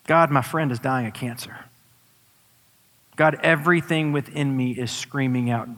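A male pastor delivering a sermon, his voice sitting a little high for a man. He swells into impassioned, drawn-out pleading, and the sound rings with the long reverb of a large church hall. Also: expressive, a bit bright.

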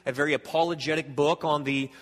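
Earnest pastor preaching in a reverberant hall. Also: male voice, fairly high pitch, steady tone, fast talker, a bit bright. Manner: earnest, emphatic, restarts and repeats words. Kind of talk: sermon.

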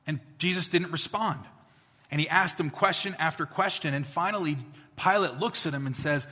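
Male pastor, fairly high voice, conversational sermon with emphatic slow beats, long room reverb. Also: bright, forceful tone. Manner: conversational preaching, builds to emphatic points with slow, drawn-out lines.

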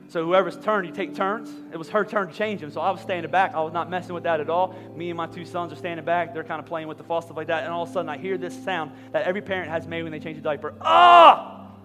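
A man in his thirties from Philadelphia, preaching a sermon in a large church and telling a lively personal story. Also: a little high. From Philadelphia, USA. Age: 30s. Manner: animated, rising to near-shouting. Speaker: pastor. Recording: long hall reverb, faint music.

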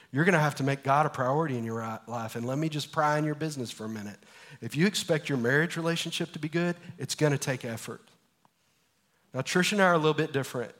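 A man in his forties preaching a sermon as pastor, telling stories with energy and then dropping to a hushed, earnest tone. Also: mid-range voice. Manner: animated storytelling, swinging from loud to hushed. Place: church.

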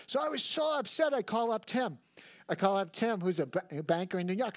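A man's voice: high voice, a little fast. An older man, a pastor, preaching a sermon and telling stories with self-mocking humor. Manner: animated storytelling with self-mocking humor and acted quotes.

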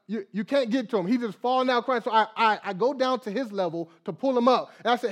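Young guy preaching, pretty high voice, really animated, acts out little back-and-forths. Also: quick pace, hardly any pauses. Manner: animated preaching with acted dialogue and prayer. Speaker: pastor. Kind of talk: sermon.

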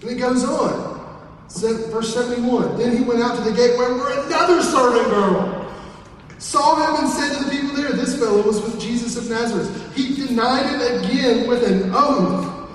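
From far off in an echoey hall, a pastor from southern West Virginia preaches a folksy sermon, tossing in joking asides. His Appalachian-accented voice is very high, at a normal speed, with a little hiss or hum on the recording.

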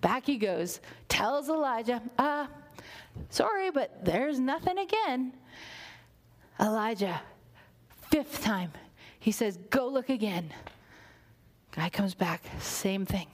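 A woman's voice: fairly high pitch, big pitch swings, slow pace, long pauses. A woman preaching a sermon, telling a story, acting out the characters' lines and dropping to a whisper for emphasis. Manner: storytelling, acts out voices, drops to a whisper for emphasis.

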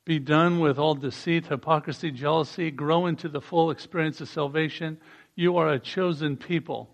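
Man, preacher, sermon, gravelly, slightly high voice, call-and-response scripture reading. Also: steady tone, moderate pace. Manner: reads passages aloud and leads call-and-response.

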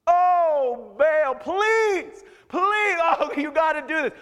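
A man voicing frenzied ancient prophets wailing and pleading to an idol, slow and drawn out. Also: very high voice, lively intonation, a bit bright, big-room sound, voice pushed up, exaggerated voice.

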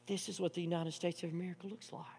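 A man preaching a sermon, moving between hushed storytelling and loud, impassioned preaching. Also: high voice, flat delivery, very fast, vocal fry. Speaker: pastor. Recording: long hall reverb with mains hum.

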